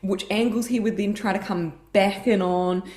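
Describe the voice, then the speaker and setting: A woman co-hosts a casual fan podcast, her voice sitting at an ordinary middle pitch. She gushes freely and lets out excited little noises as she talks. The sound carries a noticeable room echo. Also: normal speed. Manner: gushing, expressive with excited noises. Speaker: podcast co-host.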